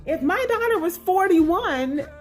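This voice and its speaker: A woman in her forties telling a story in a casual vlog with emphatic, expressive delivery. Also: very high-pitched, unhurried, soft background music. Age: 40s. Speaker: vlogger.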